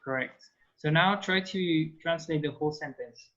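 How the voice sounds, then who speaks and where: A French tutor, a native French speaker, runs an online language class on a video call and patiently walks students through each step. His voice is a little high with a fairly bright tone at normal speed, and the call audio sounds dull and lo-fi.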